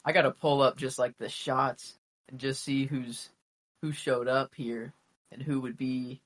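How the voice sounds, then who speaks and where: A man's voice: medium pitch, flat delivery, measured pace, fairly bright tone. A man co-hosting a podcast in a playful, casual chat, laughing often. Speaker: podcast co-host.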